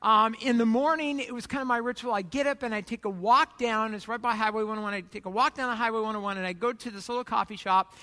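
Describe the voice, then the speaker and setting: High-voiced pastor in a reverberant hall. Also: male voice, steady tone, fast, hardly any pauses, bright, forceful tone. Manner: chatty storytelling, self-deprecating humor, many restarts. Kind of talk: sermon.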